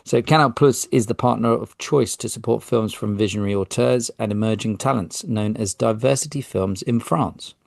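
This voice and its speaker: A man's voice: lowish voice, normal speed, creaky, hardly any pauses, darkish tone, no echo, studio quality. A man with a British accent hosting a podcast, reading news articles aloud and adding casual, self-deprecating commentary, tripping over foreign names. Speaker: podcast host.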